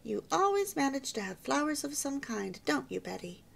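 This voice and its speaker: A woman voicing a teasing young husband who talks in a quick, joking way. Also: high voice, sing-song, vocal fry, full character voice.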